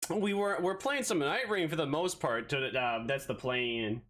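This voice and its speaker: A man's voice: on the high side, a little slow, fairly bright tone, poor audio. A man streaming live, chatting casually and rambling playfully to himself, a bit out of breath.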